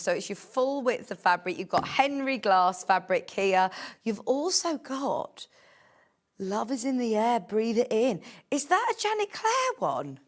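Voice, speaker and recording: A woman presenting on a live home shopping show, chatty and gushing as she reads out prices and product codes. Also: mid-range voice. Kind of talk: live TV sales pitch.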